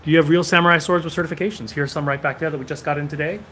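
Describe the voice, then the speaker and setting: Guy doing a live stream from his sword shop, quick answers to chat, bit of hiss. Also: a little high, steady tone, bright, forceful tone. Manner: brisk, answering questions one after another. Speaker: sword shop host reading live comments.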